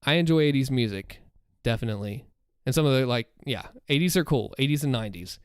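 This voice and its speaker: A man's voice: mid-range voice, expressive, fast talker, smooth, no room sound, studio quality. A man in his thirties hosting a livestream, chatting casually and upbeat with his viewers. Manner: upbeat, chatty, talks to chat. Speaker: livestream host and story narrator.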